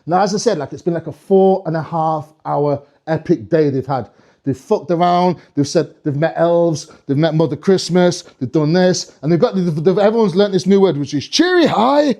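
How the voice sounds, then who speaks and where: A male stand-up comedian with a fairly high voice tells a long story. He rambles, swears freely and keeps breaking off to restart his sentences. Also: moderate pace, mellow. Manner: rambling, sweary, self-interrupting.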